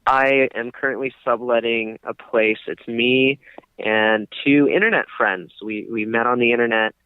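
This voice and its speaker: A man's voice: medium pitch, fairly even intonation, normal speed, clear, resonant tone, no echo. A young man co-hosting a podcast, telling a long story in casual chat, full of fillers and restarts. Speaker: podcast co-host. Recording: dry, tinny phone-like sound.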